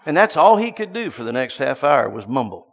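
A man preaching a sermon, telling a story and swinging from hushed asides to loud bursts. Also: medium pitch, big pitch swings, a little fast, vocal fry, long reverb tail.

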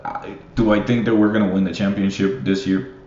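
A man's voice: lowish voice, little pitch movement, fairly quick, warm tone. A young man rambling as a basketball fan in casual solo commentary, swearing freely and laughing often. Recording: roomy, muffled, faint hiss.

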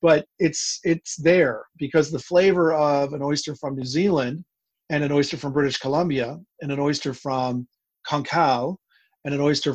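Guest expert, male, slightly higher voice, eager and explanatory, conversational interview delivery. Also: dry recording. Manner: enthusiastic, explanatory, restarts often. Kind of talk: casual interview talk.

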